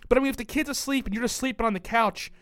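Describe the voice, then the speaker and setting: A man's voice: very high-pitched, rapid-fire, fairly bright tone, no room sound. A young man co-hosting a podcast, ranting with heavy profanity and indignation. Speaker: podcast co-host. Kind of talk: casual podcast banter.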